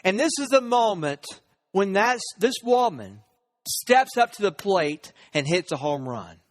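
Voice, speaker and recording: A man's voice: high-pitched, very animated, a little slow. A man preaching a sermon, retelling a story and acting out the characters' lines. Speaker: pastor.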